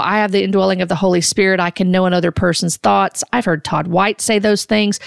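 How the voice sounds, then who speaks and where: A middle-aged woman gives earnest, deliberate commentary, often stopping to restart a sentence. Her voice sits at a middle pitch with a gravelly, creaky texture. The sound is dry and close, with no room around it. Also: no room sound. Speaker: host. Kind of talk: critical commentary on prophecy videos.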